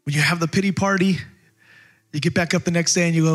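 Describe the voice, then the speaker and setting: A man's voice: fairly high pitch, steady tone, fast, a bit bright, faint music behind. A middle-aged man preaching as a pastor, passionate and conversational, often restarting his phrases. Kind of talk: sermon.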